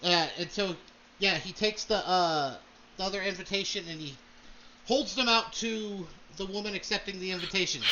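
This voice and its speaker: A man's voice: sits high, pushed and bright, muffled recording. A man narrating a tabletop role-playing game as game master, casual with many fillers.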